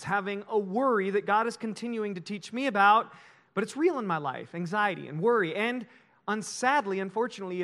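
High-voiced man preaching a sermon. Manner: animated storytelling. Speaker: pastor.

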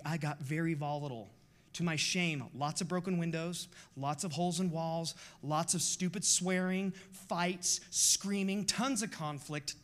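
A man's voice: fairly high pitch, fairly bright tone. A pastor in his forties preaching a sermon in a passionate, confessional, emphatic way.

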